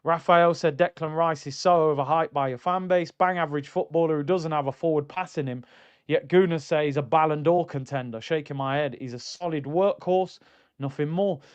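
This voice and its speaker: A middle-aged man hosting a casual football fan live stream, reading viewer comments in an animated, mocking way. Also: moderate pace, clean tone, muffled recording. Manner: animated, mocking, jumps into high exclaims.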